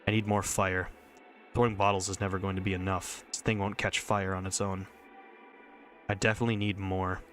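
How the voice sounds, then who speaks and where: A man's voice: sits low, level tone, brisk, a bit bright, soft background music. A man reading a visual novel, voicing a stubborn young girl's intense first-person inner monologue. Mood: obsessive. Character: Michelle, furious stubborn young girl.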